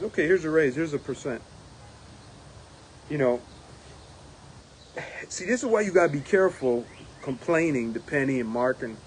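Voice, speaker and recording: A man who is a union steward, giving a casual spoken report, animated and laughing often, mimicking others in a raised voice. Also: mid-range voice, normal speed, long pauses, slight background noise.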